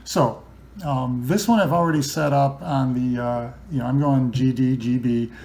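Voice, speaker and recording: Chatty gravelly man explaining guitar setup. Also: medium pitch, moderate pace, darkish tone. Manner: chatty, loose, many ums and restarts. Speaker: guitar builder demonstrating setup. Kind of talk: casual instructional talk.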